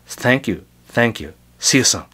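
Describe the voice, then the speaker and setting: Male guitar teacher, mid-range voice, talks loosely and haltingly while showing tricks on the instrument. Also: mid-range voice, lively intonation, sharp tone, husky. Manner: chatty, halting, repeats words while demonstrating on guitar. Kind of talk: casual guitar lesson.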